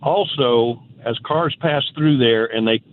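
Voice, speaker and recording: A man's voice: mid-range voice, a little slow. Man from Indiana, radio caller, matter-of-fact, tinny phone line, faint hiss. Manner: plain, matter-of-fact, a few fillers. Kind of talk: phone call to radio show.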